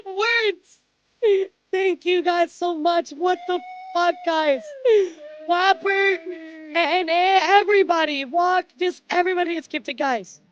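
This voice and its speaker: A woman streamer with a very high voice talks slowly to her chat, sounding overwhelmed and swearing freely. She keeps calling everyone "dude" and "guys", and the audio is a little muffled. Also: no room sound.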